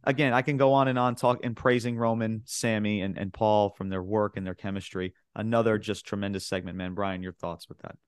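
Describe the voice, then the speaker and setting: Low-voiced man rambling casually. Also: fairly even intonation, brisk, few pauses, clean tone, no room sound, clean studio sound. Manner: loose and rambling, full of filler words, acting out quotes. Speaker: podcast co-host. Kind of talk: casual wrestling recap chat.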